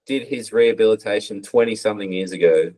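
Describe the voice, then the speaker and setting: A man's voice: lowish voice, fast, rough recording. A man, a podcast guest, telling stories in a loose, swearing, casual way and acting out other people's lines. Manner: swears freely, lively storytelling with quoted voices. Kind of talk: casual storytelling interview.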